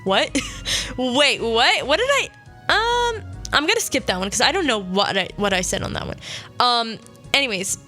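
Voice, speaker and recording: A woman's voice: fairly high pitch, sharp tone. A young woman hosting a radio show, telling a personal story in a casual, rambling way, correcting herself often and sniffling now and then. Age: young adult. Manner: chatty, rambling, self-correcting, many "like"s.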